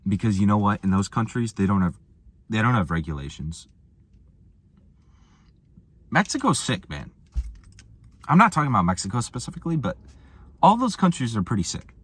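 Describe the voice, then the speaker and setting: A man's voice: moderate pace, long pauses, breathy edge. A young American man telling travel stories and ranting about boredom in a loose, slangy vlog style. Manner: animated, slangy, swings from low mumbles to high exclamations. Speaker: vlogger. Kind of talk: casual storytelling rant.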